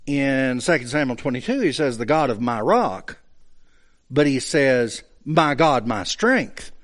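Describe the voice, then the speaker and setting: A man preaching a sermon, teaching through scripture verse by verse with emphatic, drawn-out stresses when he reads verses aloud. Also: a little high, fairly bright tone. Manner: slow, emphatic Bible teaching with rising bursts of emphasis.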